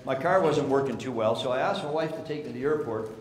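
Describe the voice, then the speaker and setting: A man's voice: medium pitch, quick pace, slight background noise. Man speaking in an echoey seminar hall. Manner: storytelling with rhetorical questions to the audience. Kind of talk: business seminar talk. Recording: echoey hall with faint ambience.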